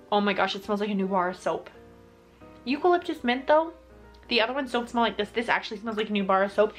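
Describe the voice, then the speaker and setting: A young woman chatting casually to camera in a home vlog, rambling with lots of fillers. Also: mid-range voice. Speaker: vlogger. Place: bedroom at home.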